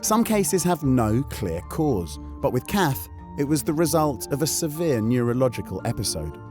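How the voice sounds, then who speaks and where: A man hosting and narrating a science documentary in scripted voice-over with an expressive, rising and falling delivery. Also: mid-range voice, moderate pace. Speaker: host and narrator. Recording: voice-over over background music.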